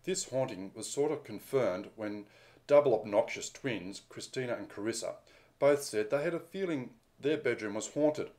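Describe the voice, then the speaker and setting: A man's voice: medium pitch, lively intonation, moderate pace, a little mellow. A man co-hosting a podcast, reading news items aloud in a dry, mock-dramatic way. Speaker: podcast co-host.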